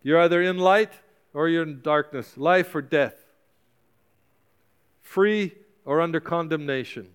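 A man's voice: on the high side, a little slow, pauses often, clean tone. A male pastor preaching a sermon with passion, urging and exhorting his congregation with repeated calls.

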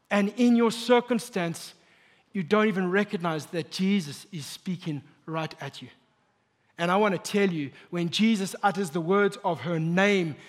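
A married man preaching a sermon as pastor, emphatic and building to near shouts. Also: high voice. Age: adult, married. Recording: long hall reverb.

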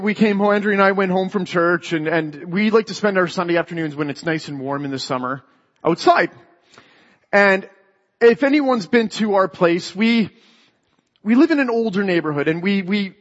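Man preaching in a dull, echoey hall. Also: high voice. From Canada. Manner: storytelling, repeats words when starting a phrase. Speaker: lay preacher. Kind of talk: sermon.

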